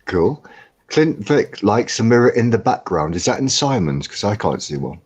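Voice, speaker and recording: A man's voice: lowish voice, very animated, darkish tone, breathy edge. A man co-hosting a casual live stream from home over a computer mic, joking and laughing as he chats. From England. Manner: jokey, laughs often, slow chatty delivery. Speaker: co-host.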